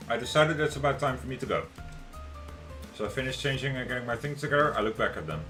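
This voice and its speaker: Young male streamer, mid-pitched, narrates a visual novel live; relaxed, jokey, faint music behind. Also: quick pace.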